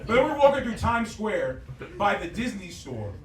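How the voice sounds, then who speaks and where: Loud Bronx comic in an echoey club. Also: male voice, high-pitched, sing-song, moderate pace. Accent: New York. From the Bronx, New York. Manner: loud, brash and crude, riffing with the crowd. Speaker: stand-up comedian. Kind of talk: stand-up set. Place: comedy club with a live audience. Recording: echoey club room, distant mic, audience laughter.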